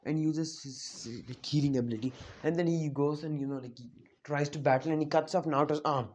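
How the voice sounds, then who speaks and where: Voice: medium pitch, steady tone, fairly quick, darkish tone. A fan storyteller casually narrating an anime what-if plot off the cuff, rambling with many fillers and self-corrections.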